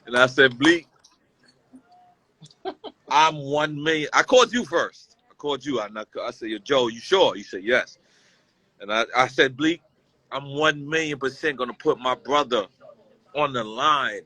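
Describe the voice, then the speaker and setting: Bright-voiced man telling an emotional story. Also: medium pitch, expressive, moderate pace, long pauses, breathy edge, no echo, low-quality recording. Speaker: guest. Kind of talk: casual heartfelt conversation.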